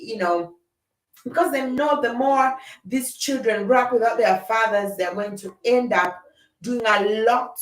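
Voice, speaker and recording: Animated laughing woman, echoey room. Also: mid-range voice. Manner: animated, laughs often, acts out quarrels. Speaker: livestream host. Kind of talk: casual chat with live comments.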